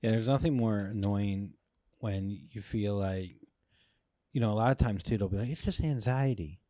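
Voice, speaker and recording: A man co-hosting a casual comedy podcast, telling a story with lively jumps in pitch and swearing. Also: moderate pace, no room sound, studio quality. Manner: animated storytelling, acts out quoted voices. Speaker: podcast co-host.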